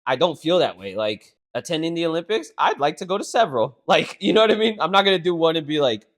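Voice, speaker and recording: A man's voice: fairly high pitch, lively intonation, fast, fairly bright tone. A man co-hosting a podcast, chatting loosely, full of fillers and swearing. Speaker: podcast co-host. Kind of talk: casual chat.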